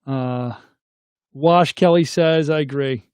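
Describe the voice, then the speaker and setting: A middle-aged man hosts a casual live chat, reading viewer comments aloud and tossing questions back to his audience. His voice sits fairly high for a man. The sound is close and dry. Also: slow, darkish tone, clean tone, no echo. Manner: chatty, reads comments aloud and asks viewers to weigh in.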